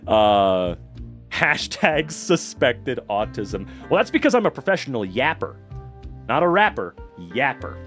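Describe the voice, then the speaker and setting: Excitable young man livestreaming. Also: mid-range voice, a little slow, soft background music. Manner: excitable, swears a lot, laughs often, reacts to chat. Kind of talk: casual livestream chat.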